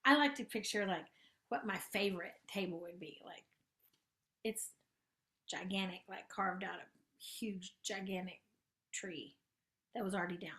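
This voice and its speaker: A woman hosting a gentle spiritual coaching talk and guided meditation. She speaks soft and tender, draws her words out, and sometimes drops to a hushed near-whisper. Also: medium pitch, a little slow, long pauses. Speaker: host and spiritual life coach.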